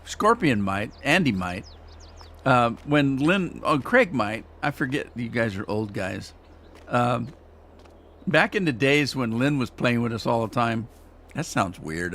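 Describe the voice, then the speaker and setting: A man's voice: medium pitch, fairly bright tone. A man chatting casually as he plays a farming game on a live stream, rambling and teasing himself as he goes. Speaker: gaming streamer. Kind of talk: casual gameplay commentary.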